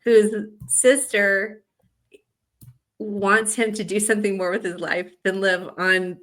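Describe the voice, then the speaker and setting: A woman's voice: medium pitch, steady tone, slow, a bit bright. Chatty woman romance podcast co-host. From American South. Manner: chatty, rambling with fillers. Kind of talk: casual chat.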